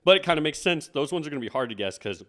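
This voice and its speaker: A man's voice: on the high side, animated, racing, fairly bright tone. A young man hosting a casual podcast chat, laid-back and joking, swearing freely. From northwestern United States. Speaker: podcast host.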